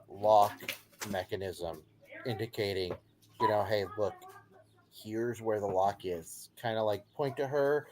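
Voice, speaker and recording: A man playing a tabletop game over a voice call. He rambles and jokes, and his sentences often trail off softly. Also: fairly low pitch, a little hiss or hum. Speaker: player. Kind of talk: casual tabletop game chat.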